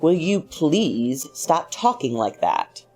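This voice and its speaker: A woman's voice: mid-range voice, very animated, a little slow, darkish tone. A woman reading a husband's lines, a middle-aged man with an irritable, needling way of talking. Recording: faint music underneath.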